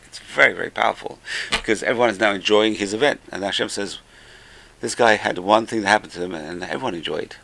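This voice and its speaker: A man teaching a religious class, telling stories with lively acted-out voices. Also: fairly low pitch, vocal fry. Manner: animated storytelling with acted-out voices. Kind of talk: Torah class talk.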